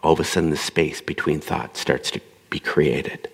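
A man giving a calm, coaching spiritual talk to a gathering, acting out little inner dialogues as he goes. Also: a bass voice, moderate pace, creaky, slightly rough. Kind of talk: spoken talk to a gathered audience. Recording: long reverb of a hall.

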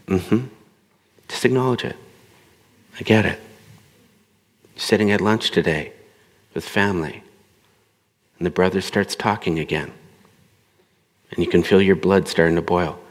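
Deep, gravelly man leading a spiritual talk, calm coaching delivery, long hall reverb. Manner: calm, coaching, acts out inner dialogues. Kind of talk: spoken talk to a gathered audience.

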